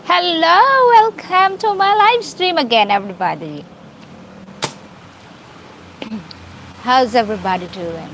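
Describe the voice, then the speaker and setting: A woman's voice: sits high, slow, pauses often, a bit bright, a little hiss or hum, low-quality recording. A woman with a Filipino accent hosting a casual live stream, greeting viewers by name and laughing often. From Philippines.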